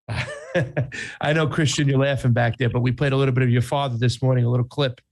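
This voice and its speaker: Gravelly New York-accented man, chatty. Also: mid-range voice, steady tone, brisk, a little mellow. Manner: chatty, folksy, playful. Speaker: podcast co-host. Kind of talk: casual political talk.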